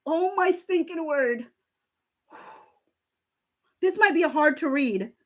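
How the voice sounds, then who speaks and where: A woman's voice: high voice, lively intonation, slow. A woman on a live stream reading text messages aloud and reacting, often laughing and close to tears. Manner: emotional, laughing and near tears while reading. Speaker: livestream commentator. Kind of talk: casual live commentary reading texts aloud.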